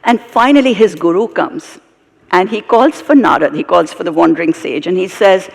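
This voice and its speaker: Gravelly British woman telling stories on stage. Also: on the low side, normal speed. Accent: British English. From Britain, of Indian heritage. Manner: animated, expressive storytelling with asides. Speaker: storyteller and guest speaker. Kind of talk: live onstage storytelling conversation. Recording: reverberant live hall.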